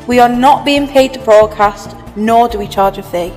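A woman's voice: on the high side, moderate pace, darkish tone, long reverb tail, soft background music, rough recording. A woman, co-hosting a local podcast and reading mock news in a dry, matter-of-fact way. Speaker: podcast co-host.

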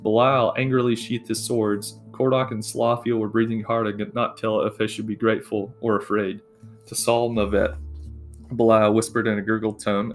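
Man reading a fantasy story, flat and low. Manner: even, unhurried reading with small slips and self-corrections. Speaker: audiobook narrator. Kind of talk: reading a fantasy novel aloud.

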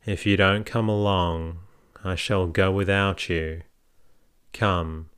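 A man's voice: low voice, steady tone, slow pace, a bit bright, smooth. A man reading a novel aloud, voicing an anxious young wife who pleads with her husband. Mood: imploring. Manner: imploring, firm.

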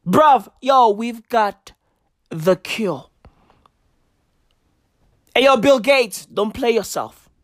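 Woman comic from South Africa, sarcastic slang-heavy rant, unhurried delivery, slightly high voice. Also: expressive, no room sound, studio quality. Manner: mock-serious, heavy street slang, profanity.

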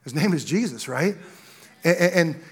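Gravelly-voiced man preaching with rising passion. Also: a little high, lively intonation, moderate pace. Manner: storytelling, rises to loud impassioned preaching. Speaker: pastor. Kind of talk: sermon.

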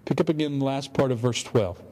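A man's voice: mid-range voice, fairly quick, warm tone, a little hiss or hum. Man preaching a sermon in a reverberant hall. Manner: earnest storytelling, rhetorical. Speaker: pastor. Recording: long hall reverb, faint ambience.

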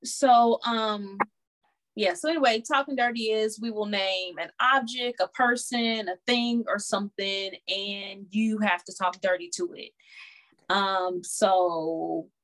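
A woman's voice: medium pitch, fairly even intonation, slow pace, fairly bright tone. A woman co-hosting a casual chat, teasing and blunt, laughing often.

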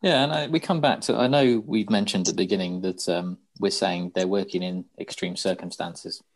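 A lower-pitched man chatting on a gaming podcast as co-host. He speaks calmly and matter-of-factly, making his points plainly. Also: normal speed, breathy edge. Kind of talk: casual gaming podcast chat.

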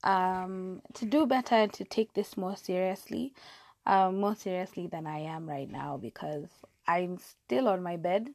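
A woman's voice: on the low side, measured pace, a little mellow, no room sound. Chatty young woman podcasting from her bed. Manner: chatty, self-deprecating, many fillers and restarts. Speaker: podcast host. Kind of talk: casual solo podcast chat. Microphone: lapel mic clipped to her hair.

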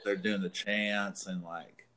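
A man with a fairly low voice tells a long, meandering anecdote in easy conversation. He swears freely and keeps laughing at his own story. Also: level tone, slow pace, noisy background. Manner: rambling, profane, laughs through his story. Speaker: podcast co-host. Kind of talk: casual storytelling chat.

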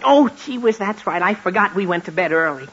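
A woman's voice: lowish voice, expressive, a little fast, a bit bright, lo-fi sound. A performer voicing an earnest, eager teenage boy in 1940s radio sitcom acting. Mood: smitten. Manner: earnest, gee-whiz eagerness. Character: eager, clumsy teenage boy, son of the house. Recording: noisy scratchy 1940s radio recording.

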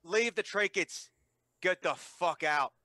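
A man voicing a gruff, hostile town thug who speaks bluntly and threateningly. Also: mid-range voice, fairly even intonation, slow pace, pushed and bright, no room sound, studio quality. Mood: menacing.

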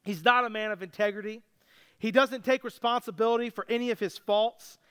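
Man, pastor, sermon, casual storytelling, joking asides, very high pitch. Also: fairly even intonation, brisk, a bit bright, clean tone.

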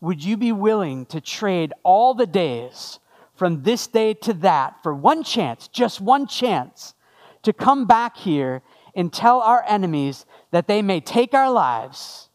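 Defiant rousing warrior leader, quoted by a man, high voice, slow, emphatic. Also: big pitch swings, exaggerated voice. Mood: rallying. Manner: slow, emphatic, no accent attempted.

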